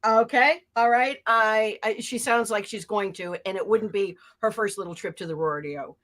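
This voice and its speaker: A woman's voice: medium pitch, normal speed, fairly bright tone. A woman hosting a comedy show, stammering and teasing her guest in improvised banter. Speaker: host.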